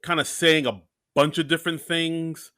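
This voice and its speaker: A man's voice: a little high, fairly even intonation, normal speed, sharp tone, no room sound, studio quality. A man co-hosting a podcast, talking casually and hesitantly with many fillers. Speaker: podcast co-host. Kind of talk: casual chat.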